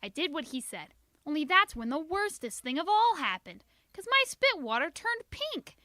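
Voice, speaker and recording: A woman reads a children's book aloud in a high, bright voice. Her telling is expressive and sing-song, swooping up and down. It is recorded close and dry. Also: normal speed, no echo. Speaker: reader.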